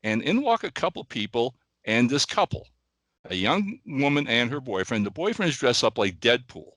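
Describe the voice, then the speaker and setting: An older man from the Midwest co-hosting a casual podcast, animated, repeating words and often checking in with "okay?" and "all right?". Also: mid-range voice, normal speed, no room sound. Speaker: podcast co-host.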